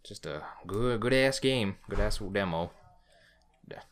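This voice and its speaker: A man's voice: lowish voice, expressive, unhurried. A man, co-hosting a casual podcast, telling a rambling story and swearing freely. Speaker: podcast co-host.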